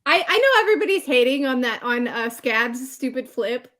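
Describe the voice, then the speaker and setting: A woman co-hosting a casual livestream chat, amused and relaxed in manner. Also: sits high, moderate pace. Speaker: co-host.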